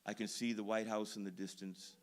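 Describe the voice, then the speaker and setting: Low-voiced man preaching a story sermon. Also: level tone, a little fast. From Duluth, Minnesota. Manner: storytelling, self-deprecating, builds to loud emphasis. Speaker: pastor. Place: church sanctuary.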